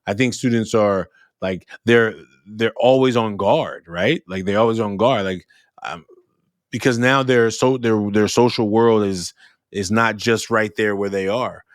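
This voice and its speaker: A man who runs youth workshops, talking through his experiences in a casual, animated monologue and acting out students' lines as he goes. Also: mid-range voice, no room sound, clean studio sound. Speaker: youth speaker and workshop facilitator. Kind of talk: reflective podcast monologue.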